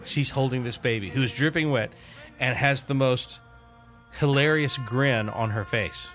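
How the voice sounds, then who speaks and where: An older man in casual chat, telling a lively family story as podcast host. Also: medium pitch, a little slow, soft background music. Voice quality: animated storyteller, loud put-on shouts in quotes.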